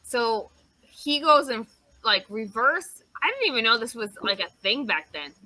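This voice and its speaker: A woman's voice: on the high side, measured pace, a little hiss or hum, rough recording. A woman co-hosting a casual podcast, retelling a story with lots of swearing and acted-out quotes. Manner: animated storyteller, swears freely, acts out quotes. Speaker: podcast host.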